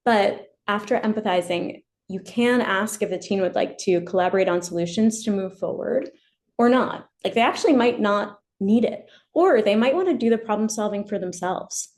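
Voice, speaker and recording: A woman educational therapist presenting a webinar, explaining gently and modeling example phrases. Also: mid-range voice, normal speed.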